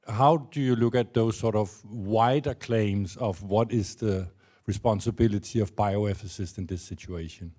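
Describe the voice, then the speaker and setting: A man in the audience at a conference, setting up a question in a measured, explanatory way. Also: on the low side, warm tone. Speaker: audience member asking a question.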